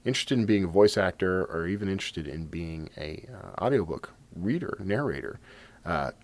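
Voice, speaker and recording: A man hosting a podcast with a raspy voice, talking casually with lots of fillers and jokes at his own expense. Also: deep voice, expressive, moderate pace, no room sound. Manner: rambling, filler-heavy, self-joking. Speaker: podcast host. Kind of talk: casual podcast intro and chat.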